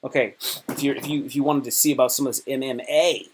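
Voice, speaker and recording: A man's voice: mid-range voice, fairly even intonation, quick pace, a little hiss or hum. Slangy, rambling male livestreamer. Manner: slangy, rambling, reads tweets aloud and jokes. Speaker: livestream host. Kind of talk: casual chat.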